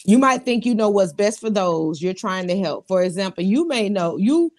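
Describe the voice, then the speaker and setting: A woman co-hosting a casual talk show, animated and laughing often. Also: medium pitch, moderate pace. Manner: animated, laughs often, talks to the audience directly. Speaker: podcast co-host. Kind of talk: casual chat.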